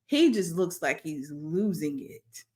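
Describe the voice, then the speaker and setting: A woman co-hosting a casual chat podcast, joking and firing off quick bursts of commentary. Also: low-pitched, big pitch swings, warm tone. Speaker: podcast co-host.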